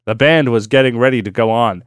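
A man's voice: medium pitch, a little fast, no echo, clean studio sound. A young man on a comedy podcast, rambling through a story while getting drunk. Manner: rambling, puts on voices for characters in the story. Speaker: podcast host telling a story.

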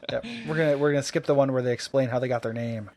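A man's voice: medium pitch, fairly even intonation, racing, a little mellow, no echo. A man co-hosting a podcast in casual chat, rambling and self-mocking. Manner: rambling, self-mocking, many fillers and restarts. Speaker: podcast co-host.

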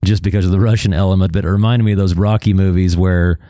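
Low, mellow-voiced male podcast co-host. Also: steady tone, fast, dry recording, clean studio sound. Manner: easygoing, laughs often, chatty analysis. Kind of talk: casual sports chat.

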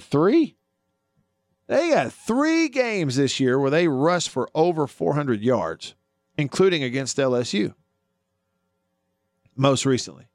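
Animated male sports radio host. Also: on the high side, no echo, clean studio sound. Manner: animated, argues with himself, asks listeners questions.

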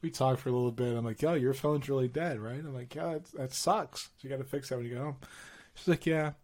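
A middle-aged man co-hosting a casual podcast chat, telling lively stories with slang and laughter. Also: medium pitch, quick pace. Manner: animated storytelling with laughs and slang. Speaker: podcast co-host.

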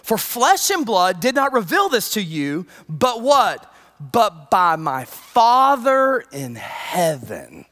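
A preacher quoting Jesus as a calm adult male teacher, sometimes chummy and sometimes solemn. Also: medium pitch, slow pace, long reverb tail, voice pushed down. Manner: casual, chummy retelling of Jesus.

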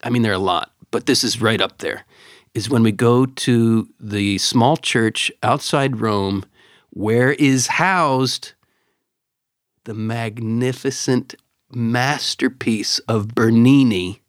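Animated man telling stories on a podcast. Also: mid-range voice, no room sound, studio quality. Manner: animated storyteller, repeats words when excited. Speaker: podcast co-host. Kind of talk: casual chat and storytelling.

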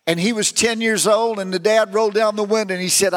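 A man's voice: high-pitched, fairly even intonation, fast, fairly bright tone, big-room sound, faint music behind. A man preaching a sermon, telling stories with rising and falling emphasis.

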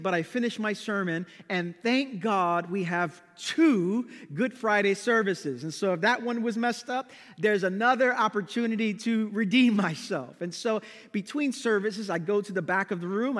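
High-pitched pastor guy telling a funny story in a sermon, lots of reverb. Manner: storytelling, animated, self-deprecating.

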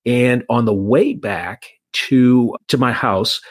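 A man's voice: medium pitch, slow, dry recording. Man telling a story in a dry room. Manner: anecdotal, many restarts. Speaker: insurance agent. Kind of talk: casual storytelling.

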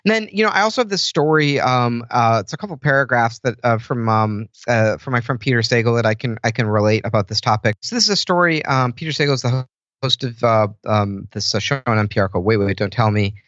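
A man's voice: medium pitch, fast talker, a bit bright, no room sound. Chatty man with a dull, dry sound. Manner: rambling, many fillers and restarts. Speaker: podcast guest. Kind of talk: casual conversation.

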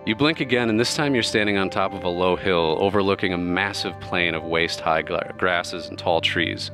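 A man's voice: sits low, moderate pace, hardly any pauses, music in the background. A man narrating a tabletop game as game master in a casual, loose way, with plenty of fillers.

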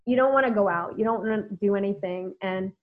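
A woman's voice: mid-range voice, fast. A woman hosting a podcast, telling a personal story candidly and reflectively, with many "like"s. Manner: reflective, heavy use of "like". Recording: tinny phone-like audio.

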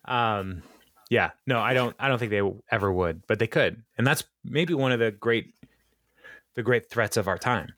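Man, podcast co-host, casual chat, jokey, mid pitch, dry close sound. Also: normal speed, fairly bright tone, no echo. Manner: playful, jokey, with mock speeches.

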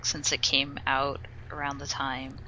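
A young woman co-hosting a casual podcast, telling an animated, swear-filled story about her tabletop group. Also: extremely low pitch, measured pace, highs cut off, a little hiss or hum. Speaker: podcast co-host.

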